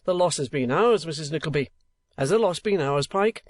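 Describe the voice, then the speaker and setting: A pompous, oily gentleman, as a man puts him on, flattering and flowery, a little louder and higher than the reader's own voice. Dry, close audiobook sound. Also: fairly quick, no room sound, close to an everyday voice. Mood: smooth. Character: smooth-talking flattering gentleman.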